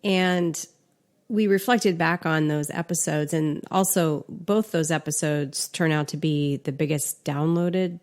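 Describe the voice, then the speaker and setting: A woman co-hosting a podcast, talking in a relaxed, conversational way with fillers and restarts. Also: low-pitched, unhurried. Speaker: podcast co-host. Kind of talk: casual podcast chat.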